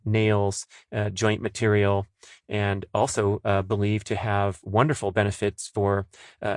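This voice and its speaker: A man's voice: lowish voice, no room sound, studio quality. A middle-aged man hosting a solo podcast, chatty and enthusiastic, with lots of "uh" fillers. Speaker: podcast host. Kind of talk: casual solo podcast talk.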